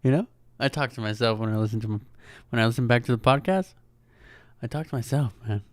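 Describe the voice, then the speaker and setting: A man's voice: medium pitch, fast, no room sound. A young man hosting a casual solo podcast, rambling along in a laid-back way, joking, swearing, and calling the listener "dude" and "man.". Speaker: podcast host.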